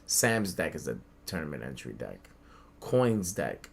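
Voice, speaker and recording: A young man from the Bronx telling a childhood story in casual podcast chat, animated, swearing freely and acting out the voices of people he quotes. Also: extremely low pitch, measured pace, vocal fry, slight background noise. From the Bronx, New York. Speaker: podcast co-host. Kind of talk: casual storytelling among friends.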